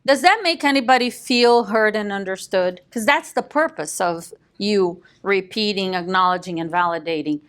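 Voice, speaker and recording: A woman coaching a live sales class, emphatic and direct, often quizzing her listeners with quick questions and a dry joke. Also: mid-range voice, a bit bright, smooth. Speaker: real estate sales coach.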